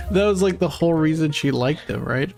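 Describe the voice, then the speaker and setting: A man's voice: fairly high pitch, expressive, normal speed, vocal fry, darkish tone, soft background music. A man on a stream as a guest, reacting to a story with incredulous interjections in casual chat.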